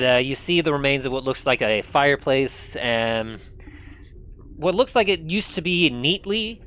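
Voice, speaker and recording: Guy running a tabletop game, bright crisp voice, describes stuff slow and detailed. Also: medium pitch. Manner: descriptive, unhurried scene-setting. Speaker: game master.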